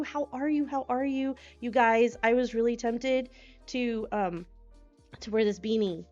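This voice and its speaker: Bubbly woman streamer, slightly high voice, scattered chat, dull lo-fi audio with faint music. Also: unhurried, mellow. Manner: bubbly, scattered, often squeals greetings. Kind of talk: casual live-stream chat.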